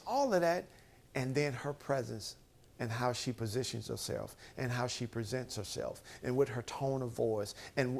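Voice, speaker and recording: A man giving a motivational, sermon-style talk, retelling a Bible story and acting out the quotes with emphatic bursts. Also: fairly high pitch. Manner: animated, acts out quotes, rising to emphatic bursts; Bible storytelling with conversational asides. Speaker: speaker.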